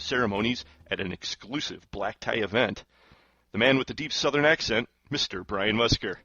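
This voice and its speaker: A man hosting a talk radio show, reading the intro and lineup in a smooth, upbeat announcer delivery. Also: lowish voice, moderate pace, pushed and bright, faint music behind. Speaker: host.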